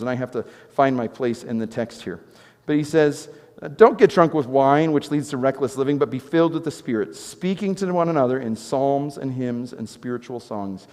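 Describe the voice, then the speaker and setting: A man preaching a sermon as pastor, telling stories with animated swings from loud exclamations to quiet intensity. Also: a little high, big-room sound. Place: church sanctuary.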